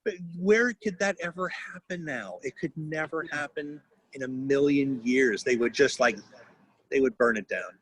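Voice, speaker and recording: A man's voice: mid-range voice, moderate pace, a bit bright, breathy edge, low-quality recording. A man in his fifties, a guest voice actor, telling rambling stories on a video call, restarting often and laughing. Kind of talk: casual anecdotal interview.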